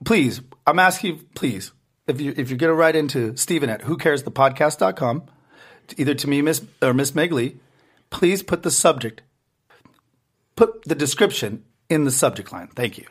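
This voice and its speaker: A man with a Brooklyn accent co-hosting a podcast, telling stories in animated, profane casual banter. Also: fairly high pitch, normal speed, slightly rough. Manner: animated, profane storytelling with put-on voices. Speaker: podcast co-host.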